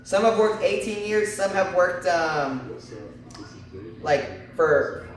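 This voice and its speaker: A man's voice: sits high, lively intonation, slow pace. A man hosting a casual live sports stream, talking through draft picks in a hesitant way, with lots of fillers and restarts. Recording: echoey room, far from the mic.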